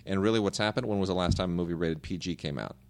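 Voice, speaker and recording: A middle-aged man with a lowish voice talks through movie questions on a podcast. He is opinionated and rambling, often circling back and restarting his sentences. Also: very fast, darkish tone. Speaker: podcast co-host reading listener emails. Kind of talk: casual podcast chat.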